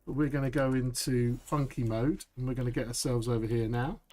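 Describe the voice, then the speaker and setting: A man streaming a survival game live, chatty and upbeat, saying "boom" as he works. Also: steady tone, fairly quick, darkish tone. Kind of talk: live gameplay commentary.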